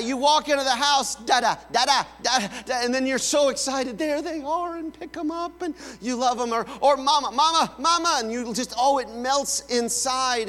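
A man's voice: very high-pitched, a bit bright. Man preaching in an echoing hall. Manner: storytelling, acts out kids calling with playful voices. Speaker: pastor. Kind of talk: sermon. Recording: long hall reverb with mains hum.

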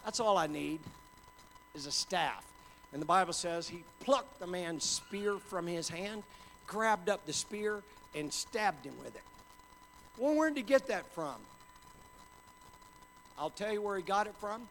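A man preaching a sermon with passion, dropping to a hush and then building up to shouts. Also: sits high, a little slow, gravelly, a little hiss or hum. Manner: impassioned, swings from hushed to shouting. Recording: hall reverb with faint ambience.

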